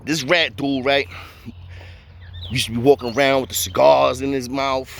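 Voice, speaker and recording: A man's voice: mid-range voice, level tone, moderate pace, vocal fry, fairly bright tone, slight background noise. A man casually telling profane stories, full of street slang and repeated "know what I mean" fillers. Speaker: storyteller. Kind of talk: casual storytelling.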